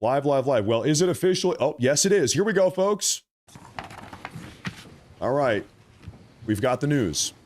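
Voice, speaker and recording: A man's voice: medium pitch, big pitch swings, measured pace, long pauses, a little hiss or hum. A young man hosting a live political stream, ranting in a heated, rambling way and reading from the chat. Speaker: political livestream host.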